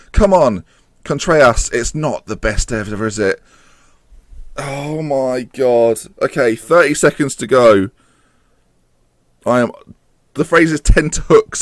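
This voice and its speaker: A young man commentating on his own game, animated and swearing as he pleads with the screen. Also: mid-range voice, dry recording, clean studio sound. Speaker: gaming YouTuber. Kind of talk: gameplay commentary.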